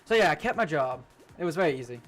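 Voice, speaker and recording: Young man, streamer, casual gaming storytelling, profane, rambling, slightly high voice, faint music behind. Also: expressive, fast, fairly bright tone. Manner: rambling, profane, laughs a lot.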